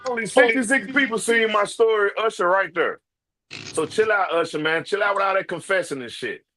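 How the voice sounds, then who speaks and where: Brash high-voiced man ranting. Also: steady tone, fairly quick, pushed and bright. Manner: brash, profane, calls people out directly. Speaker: online commentator. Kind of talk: casual ranting commentary.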